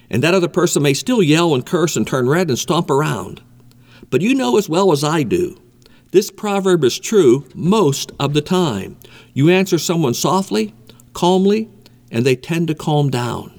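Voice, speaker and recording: A man's voice: fairly high pitch, darkish tone. Emphatic man preaching a sermon. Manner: emphatic, repeats key points.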